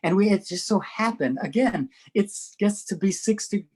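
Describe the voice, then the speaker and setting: A man's voice: sits high, moderate pace, slightly rough, low-quality recording. Older guy telling showbiz stories, laughs a lot, does little voices for people in the story. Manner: animated storyteller, laughs often, acts out voices. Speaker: interview guest. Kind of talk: anecdotal storytelling.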